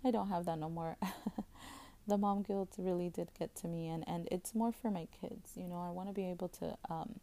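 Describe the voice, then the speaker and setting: On her podcast, a woman in her thirties chats casually at a moderate pace, her low, gravelly voice full of vocal fry. Her tone stays fairly flat as she rambles, doubling back with fillers and restarts, and she is openly emotional.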